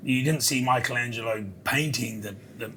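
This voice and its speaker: A man's voice: mid-range voice, normal speed, sharp tone, slight background noise. A man bantering and teasing as a podcast co-host. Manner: joking, teasing. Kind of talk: casual banter.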